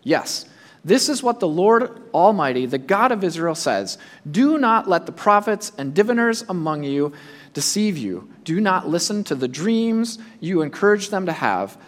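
A man preaching a sermon, speaking in an animated way and acting out the imagined voices of his listeners. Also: high voice, unhurried, long reverb tail. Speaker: pastor.

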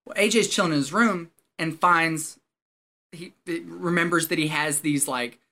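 A man, a former Marine, telling a story in casual chat, animated and profane, often laughing as he talks. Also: a little high, normal speed.

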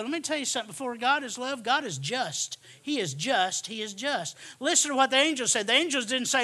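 High, bright-voiced male preacher. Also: expressive, a little fast, hardly any pauses. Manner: emphatic, repeats lines, swings from hushed to shouting. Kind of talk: sermon.

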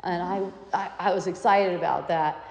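A woman giving a reflective spiritual talk, telling a personal story in an animated, chatty way with frequent restarts. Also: fairly low pitch, moderate pace, gravelly. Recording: echoey hall, reverberant.

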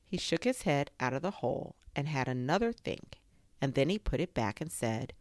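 A woman reading a children's storybook aloud, her voice low-pitched but lively and full of expression. The delivery is gentle and unhurried. The recording is close and dry. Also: dry recording.

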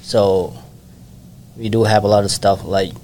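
Relaxed lower-voiced man. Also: unhurried, slight background noise. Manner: simple non-native English, relaxed and friendly. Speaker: donut shop owner. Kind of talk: casual interview.

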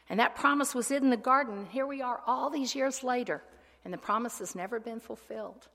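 A woman preaching a sermon, swinging between loud ringing proclamation and hushed, whispered asides. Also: high voice, moderate pace. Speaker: speaker. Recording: long hall reverb.

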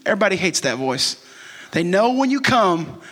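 A man preaching a lively, joking sermon in a church. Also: high-pitched, moderate pace. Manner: joking, self-teasing, animated. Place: church sanctuary. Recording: long reverb of a church hall.

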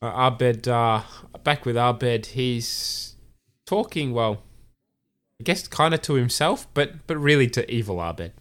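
A man's voice: mid-range voice, animated, slow, a bit bright. A man hosting a podcast, casually recapping an episode, with frequent "uh"s and quoted lines. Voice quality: filler-heavy recap with acted quotes. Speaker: podcast host.

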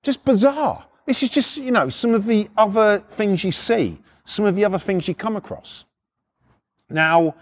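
A middle-aged man telling blunt, swearing stories from his repo work in a casual podcast style, acting out the people in them. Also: high voice. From United Kingdom. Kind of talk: casual storytelling.

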